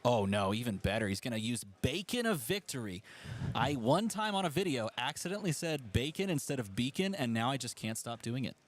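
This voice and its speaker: A man's voice: medium pitch, sing-song, fairly quick. A man doing live play-by-play commentary on a card game tournament, chatty and analytical, talking to the stream chat and laughing easily.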